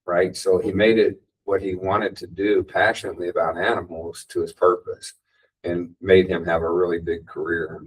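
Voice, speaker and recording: Husky low-voiced man on a panel. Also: normal speed, far from the mic, poor audio. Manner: conversational, animated when quoting. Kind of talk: casual panel discussion.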